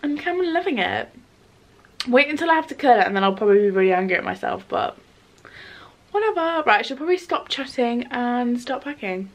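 Young British woman vlogger, high-pitched, rambling and chatty, lots of "like". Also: animated, quick pace. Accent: British English. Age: young adult. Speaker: university student vlogger. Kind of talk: casual vlog chat.

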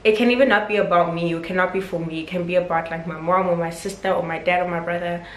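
A woman's voice: lowish voice, fairly even intonation, fast talker. A young woman, chatting casually and emotionally in a home vlog. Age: 20s. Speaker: vlogger. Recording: roomy with faint background noise.

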